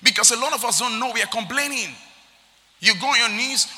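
A male preacher delivers an emphatic sermon, repeating his points and reading scripture aloud. His voice sits high and very bright, and it rings with a long reverb in the hall. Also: brisk.

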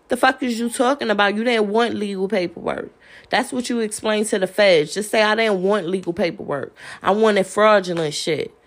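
A woman ranting on a podcast, profane and confrontational, laughing between jabs. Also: on the high side. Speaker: podcast host. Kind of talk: heated solo rant.

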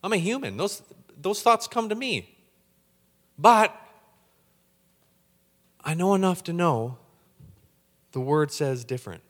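A man's voice: sits high, takes it slowly, pauses often, long reverb tail. A man preaching a sermon, getting fired up and tripping over repeated words as he talks. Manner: excitable, gets hyped up when preaching. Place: church hall.

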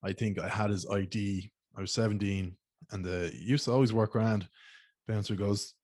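A man's voice: on the low side, steady tone, normal speed, a little mellow, no room sound. A young Irish man telling rambling, slangy stories in a casual monologue and swearing freely. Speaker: podcast host.

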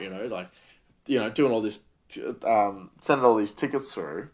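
A male podcast host with a lowish voice speaks at a normal speed. He tells stories casually, chatting and rambling with plenty of fillers.

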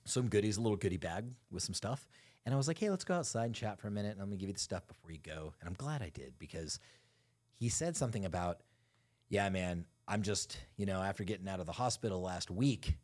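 Man, young adult, podcast co-host: husky, lower pitch, candid and profane storyteller. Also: lively intonation, fast talker, darkish tone. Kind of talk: casual podcast chat.

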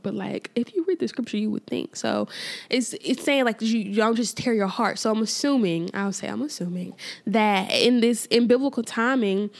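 A woman hosting a casual faith podcast, talking informally with lots of fillers and repeated phrases for emphasis. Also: mid-range voice. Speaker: podcast host.

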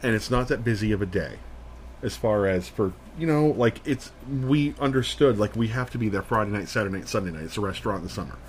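Male podcast co-host, lower voice, chatty rambling storyteller. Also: quick pace, slight background noise. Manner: rambling, animated, full of "like" and acted-out quotes. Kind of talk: casual storytelling chat.

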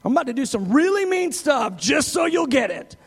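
A man's voice: very high voice, big pitch swings, brisk, long reverb tail, pitched above the performer's own voice, heavily acted. A preacher voicing an imagined male God who scolds people like a fed-up teacher, mocking and impatient. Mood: exasperated. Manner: mocking, impatient, shouting insults.

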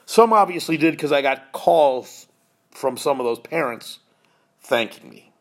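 In a fairly high, animated, unhurried voice, a man in his fifties shares a personal story on his podcast. He's earnest and heartfelt, and now and then gets choked up.

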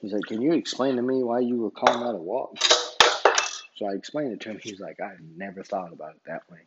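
A man's voice: on the low side, a little fast, muffled recording, very noisy. A man who referees basketball, casually telling a story in a rambling way and retelling each exchange line by line. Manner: rambling, retells dialogue with many "I said".

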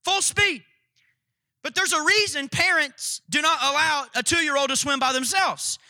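A man in his thirties preaching a sermon, telling family stories with animated quoted voices and frequent "right?" asides. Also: very high-pitched, moderate pace, no echo. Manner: repeats "right?" to engage listeners. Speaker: pastor.

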